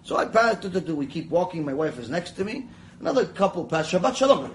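A man's voice: fairly high pitch, fast, a little hiss or hum, low-quality recording. A man teaching a Mussar lecture, telling stories, acting out the voices in them and wandering into chatty asides. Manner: animated, acts out the voices in his stories. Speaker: Torah teacher.

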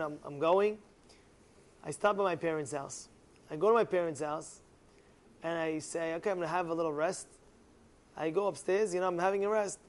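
Young guy with a high voice rambling thru a story, lots of restarts. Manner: rambling, with restarts and loud acted quotes. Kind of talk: casual personal storytelling.

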